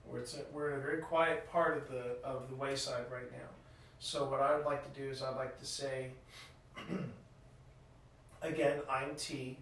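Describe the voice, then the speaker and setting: A man's voice: medium pitch, level tone, measured pace, long pauses, fairly bright tone. A man on a live ghost hunt speaks to unseen spirits in a coaxing, friendly way. His voice comes from a distance in a very echoey room, with a faint hiss underneath. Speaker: ghost hunting host. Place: old inn, indoors.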